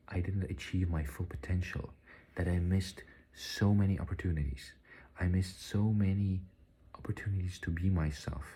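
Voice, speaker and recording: Low, mellow man, husky; halting, earnest confessional tone with soft near-whispered moments. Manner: halting, repeats words, earnest; drops at times to a breathy near-whisper. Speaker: spiritual vlogger. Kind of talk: confessional personal story.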